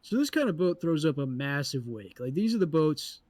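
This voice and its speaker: A man co-hosting a podcast, telling a story in an animated, profane way and acting out the people in it. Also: a little high, normal speed, dry recording. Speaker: podcast co-host. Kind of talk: casual storytelling chat.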